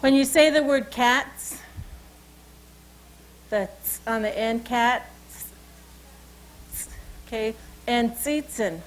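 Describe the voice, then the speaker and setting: Storytelling Salish woman, higher voice. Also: takes it slowly, pauses often, poor audio. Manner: informal, repeats "you know" and "okay". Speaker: cultural educator. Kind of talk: oral storytelling and teaching.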